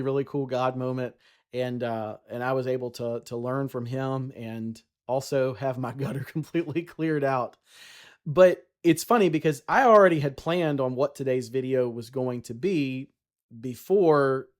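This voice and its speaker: A man's voice: medium pitch, darkish tone. A man giving a casual devotional talk, chatty, with many fillers and restarts. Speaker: Christian vlogger.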